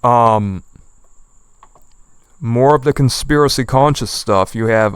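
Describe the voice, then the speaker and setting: A man's voice: mid-range voice, lively intonation, slow, long pauses, clean tone, no echo. A man giving outspoken online commentary, indignant and scolding, repeating phrases for emphasis. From United States.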